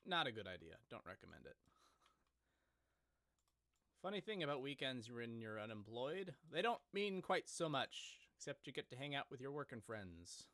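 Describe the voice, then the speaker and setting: A man's voice: medium pitch, sing-song, normal speed, fairly bright tone, dry recording. A man chatting casually on a live stream, rambling and joking at his own expense. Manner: joking, rambling, self-deprecating.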